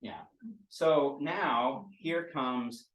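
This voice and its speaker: Slow-talking man running a tabletop game. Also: a little high, fairly bright tone. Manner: rambling, filler-heavy narration. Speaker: game master. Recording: roomy sound from a distant mic.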